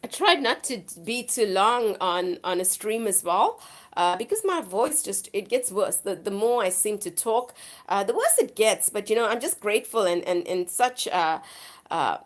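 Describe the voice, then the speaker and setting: A woman's voice: mid-range voice, lively intonation, normal speed. A woman hosts a live stream and chats casually with her viewers. She rambles on effusively and circles back to repeat herself, and her voice sounds worn from the flu.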